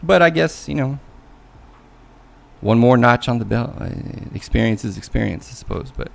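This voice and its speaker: A man's voice: mid-range voice, lively intonation, moderate pace, gravelly. A man venting casually about a bad job interview, swearing and mocking people as he talks. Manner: venting, mocking voices in quotes, swears, loose and conversational. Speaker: coding learnalong streamer. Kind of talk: casual rant.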